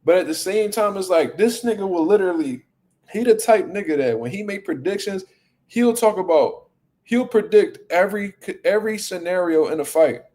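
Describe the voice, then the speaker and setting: A man's voice: high-pitched, moderate pace. Profane, fired-up male boxing host. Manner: blunt, profane, animated. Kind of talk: casual chat.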